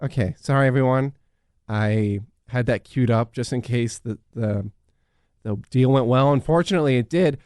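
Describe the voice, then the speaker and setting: A man's voice: mid-range voice, moderate pace, darkish tone, no room sound, studio quality, faint music behind, close to an everyday voice. A man playing a naive, overexcited radio host who stammers and gushes in a satirical radio sitcom. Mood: giddy. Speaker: show host.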